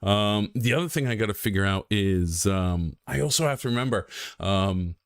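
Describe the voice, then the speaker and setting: A man's voice: fairly low pitch, moderate pace, clear, resonant tone, dry recording, studio quality. A young man chatting casually on a game stream, rambling and self-deprecating with lots of ums and restarts.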